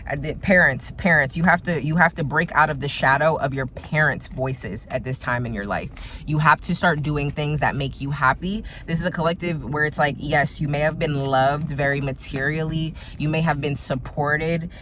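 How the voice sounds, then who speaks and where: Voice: mid-range voice, steady tone, moderate pace, hardly any pauses. A tarot reader delivers a casual spiritual reading, talking straight to the viewer with emphatic, repetitive phrasing. The voice sits in a middling register, and a faint hiss runs under it indoors.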